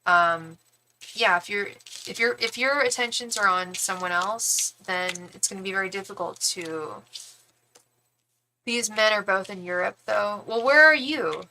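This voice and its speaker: A woman's voice: mid-range voice, unhurried, bright, forceful tone, slight background noise, rough recording. A young woman reading tarot cards on a live stream, chatting and gushing casually to her viewers. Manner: chatty and gushing, lots of "like" and "girl". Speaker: tarot reader and psychic.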